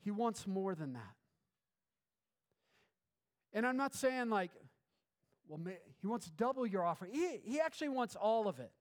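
A man's voice: high voice, very animated, normal speed, pauses often. A man preaching a sermon as a pastor, conversational with filler words and restarts, rising to bursts of fervent emphasis. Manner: filler-heavy, restarts phrases.

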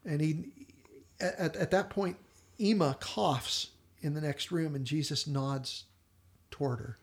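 Gravelly man retelling a TV episode. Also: fairly high pitch, a little slow. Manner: animated storyteller, quotes characters in brief voices, laughs often. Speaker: podcast co-host.

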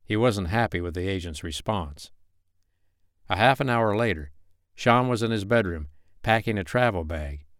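Male audiobook narrator, steady reading, resonant voice, dry close mic. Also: on the low side, normal speed, no room sound. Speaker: audiobook reader.

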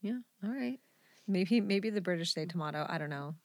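A woman co-hosting a podcast in casual chat, animated and laughing often. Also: lowish voice, a little fast, no room sound. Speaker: podcast co-host.

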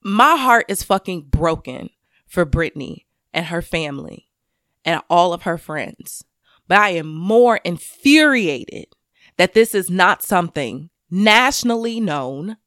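A woman giving an intense personal monologue to camera, swearing freely and swinging between loud anger and quiet grief. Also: fairly low pitch, lively intonation, a little slow, no echo, studio quality. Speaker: commentator speaking to camera.

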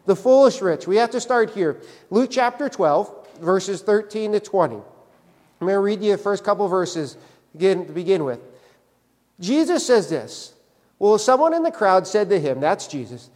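A man's voice: high-pitched, big pitch swings, moderate pace, a little mellow, in a large hall. A male pastor preaching a sermon in a church, conversational, often tagging his points with "right?". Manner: conversational, repeats "right?" for emphasis. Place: church sanctuary.

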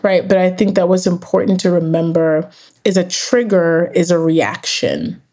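A woman's voice: lowish voice, normal speed, mellow. A young adult woman, a therapist and author, earnestly explaining ideas in an interview and often checking in with "right?". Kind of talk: interview conversation.

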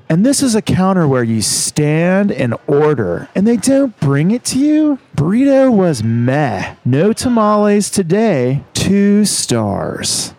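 A man doing a laid-back young surfer bro, pitched way up and stretched out with a loose, lazy drawl. The complaints come out whiny and overplayed, in a lively sing-song. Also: full character voice.

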